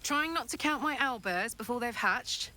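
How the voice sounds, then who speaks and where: An actress voicing a boisterous, swearing, affectionate tiefling warrior woman in a video game, loud and blunt, laughing easily. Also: a little high, expressive, moderate pace. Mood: fond, excited.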